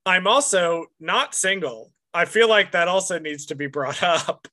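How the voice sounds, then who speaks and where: A man co-hosting a casual podcast chat, wry and self-mocking, tossing in quick asides. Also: sits high, animated, pushed and bright. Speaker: podcast co-host.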